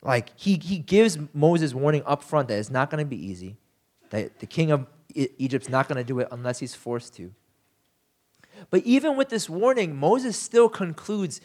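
A man preaching in a relaxed, conversational way, his somewhat high voice swinging up and down with lots of life. He tells the story with plenty of "you know" and "like" fillers and slips into acted-out quotes. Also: moderate pace. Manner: casual, animated storytelling with frequent fillers; acts out quoted lines in shifting voices. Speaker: pastor. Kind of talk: conversational sermon.

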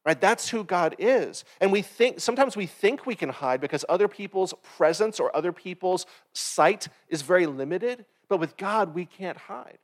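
A man's voice: sits high, animated, moderate pace, hardly any pauses. A man preaching a sermon in a conversational way, often checking in with "right?" and acting out brief quotes. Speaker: pastor.

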